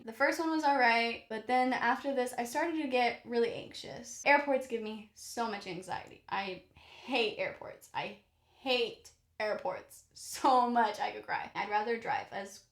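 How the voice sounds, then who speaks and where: A young woman vlogger telling a funny story in a casual, animated way, swearing often and exaggerating for comic effect. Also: on the high side, reverberant.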